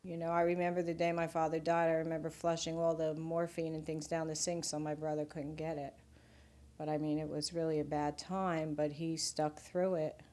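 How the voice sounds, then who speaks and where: An older woman recounting family memories in a documentary interview, in a lively, anecdotal way. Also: low voice, normal speed.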